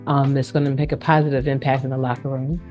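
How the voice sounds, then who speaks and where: Low-voiced upbeat woman host. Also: flat delivery, quick pace, mellow, muffled recording, soft background music. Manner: upbeat, encouraging, laughs often. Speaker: show host, interviewer. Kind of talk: casual online interview.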